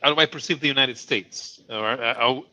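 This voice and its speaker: A man's voice: mid-range voice, moderate pace, pushed and bright. A man hosting a stream, speaking casually and hesitantly, correcting himself as he goes. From Europe. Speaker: host. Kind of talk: casual chat. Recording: dull lo-fi mic.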